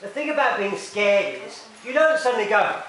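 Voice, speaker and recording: A man's voice: high-pitched, very animated, normal speed, fairly bright tone. A man presenting a creative-writing workshop to children, playful, acting out scenes with silly voices and sound effects. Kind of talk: lively talk to a young audience. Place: room with a live audience. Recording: echoey room from far off, noisy.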